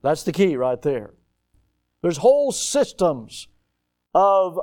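A male pastor preaching an evening sermon. He slows down and presses hard on key words as he builds his points. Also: high voice. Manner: rising to emphatic, slowed-down stress on key words; quotes a historical statement aloud, then repeats it quietly.

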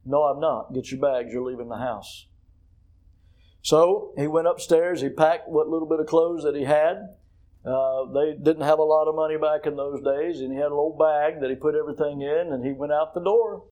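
A man preaching from the pulpit, his voice sitting a little high for a man. He tells stories in a storytelling cadence, going soft and low, then bursting into loud rhetorical questions. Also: fairly even intonation, moderate pace, rough recording. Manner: storytelling, swinging from hushed to loud emphatic questions. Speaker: pastor. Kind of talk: sermon.

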